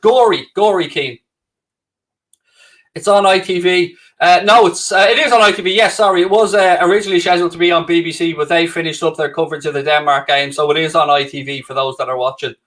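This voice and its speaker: Upbeat young Irish streamer, slightly high voice, jokey self-mocking chat with viewers. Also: male voice, a bit bright. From Ireland. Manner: cheerful, chatty, self-mocking banter. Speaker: livestream host. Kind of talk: casual live chat reading viewer comments.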